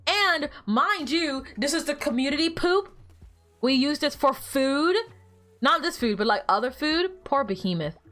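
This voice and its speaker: A woman's voice: sits high, lively intonation, a little slow, bright, forceful tone, soft background music. A young woman streaming a game and chatting casually, teasing the characters on screen and laughing often. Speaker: gaming streamer. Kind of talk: casual gameplay livestream chat.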